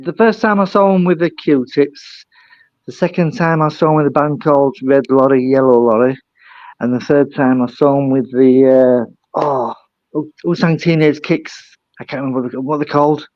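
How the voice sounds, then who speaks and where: A man's voice: mid-range voice, steady tone, normal speed, a little mellow, no echo, dull audio. An older man with a British accent, chatting casually as a guest, rambling and self-deprecating. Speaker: guest caller. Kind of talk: casual chat.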